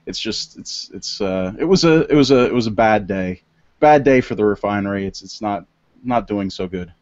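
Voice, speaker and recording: Low-voiced man rambling on a lo-fi podcast. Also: expressive, normal speed, a little mellow. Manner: rambling, many restarts and fillers. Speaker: podcast co-host. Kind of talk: casual panel chat. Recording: dull lo-fi audio.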